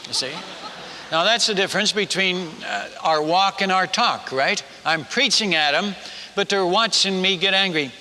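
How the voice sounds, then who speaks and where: Bright, animated missionary preacher in a hall. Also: male voice, sits high, moderate pace, a little hiss or hum. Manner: animated, self-mocking, with stammered restarts. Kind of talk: sermon storytelling.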